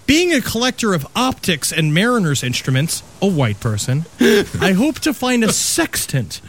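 A man's voice: high voice, wildly swooping pitch, moderate pace, fairly bright tone. A man hosting a comedy podcast, reading a horror story aloud with joking asides.

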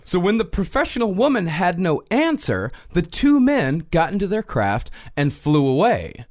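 Male podcast co-host, animated reader, higher pitch, measured storytelling. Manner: storytelling, measured reading of notes. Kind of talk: reading a paranormal story in casual chat.

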